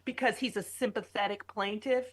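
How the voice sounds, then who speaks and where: A woman's voice: medium pitch, steady tone, moderate pace, slightly rough. A woman commentator arguing indignantly on a political talk radio show. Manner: indignant, argumentative.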